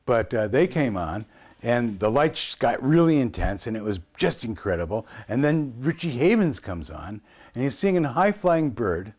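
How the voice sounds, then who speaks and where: A man's voice: mid-range voice, very animated, normal speed, darkish tone. A man in his sixties from the United States, telling a rambling story as an interview guest, with frequent hesitations and restarts.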